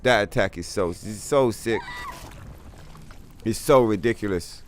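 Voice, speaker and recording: A man's voice: fairly low pitch, measured pace, slight background noise. A man streaming a video game live, commenting on the action as he plays, swearing freely and trash-talking the enemy on screen. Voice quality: profane, trash-talking, excitable.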